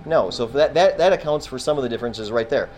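A man's voice: mid-range voice, expressive, fast talker, a little mellow, a little hiss or hum, low-quality recording. A man teaching a Bible class in a classroom, talking casually, quizzing his students and often restarting his sentences.

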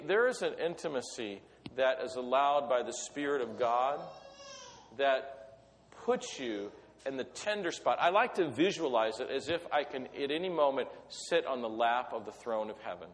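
A man preaching a sermon, telling Bible stories in a conversational way and acting out the voices of the characters. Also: medium pitch. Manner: storytelling with acted voices, conversational. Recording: long reverb of a hall.

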